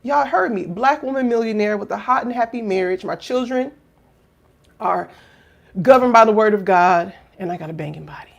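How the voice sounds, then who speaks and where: A woman in her thirties, a coach, talking casually and heartfelt to camera, drifting from hushed reflection to loud exclaiming, with many fillers and rhetorical questions. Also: mid-range voice, animated, normal speed, gravelly, lo-fi sound. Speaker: life coach and finishing school founder.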